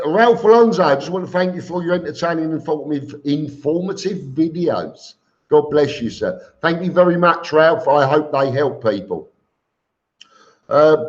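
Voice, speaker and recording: A man hosting a casual live stream, reading viewer comments aloud and answering them with chuckles. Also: on the high side. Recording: dull lo-fi stream audio.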